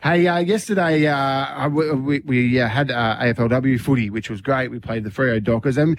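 Rambling Australian radio host. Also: male voice, mid-range voice, fairly even intonation, moderate pace, no room sound. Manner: rambling storyteller, jokey, lots of fillers. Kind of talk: casual radio banter.

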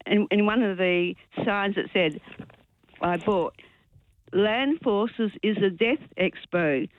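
A woman's voice: mid-range voice, takes it slowly, no echo. A woman calling in to a radio show, speaking earnestly and indignantly. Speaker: caller. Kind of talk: phone-in chat. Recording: tinny phone line.

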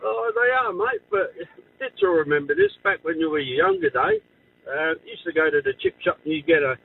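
Gravelly Aussie caller on a phone line. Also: male voice, very high-pitched, big pitch swings, a little fast, far from the mic. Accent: Australian.

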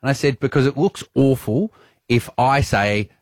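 A man in his thirties co-hosting a radio show, telling a story in an animated way and laughing often. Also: mid-range voice, normal speed, dry recording, clean studio sound. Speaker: radio co-host. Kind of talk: casual radio banter.

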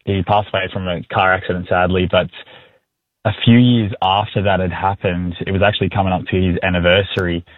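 A deep, flat-voiced man calls in over a tinny phone line. He tells his story steadily and matter-of-factly, with a dry, close sound. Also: brisk, dry recording. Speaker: caller. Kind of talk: telling a story on radio.

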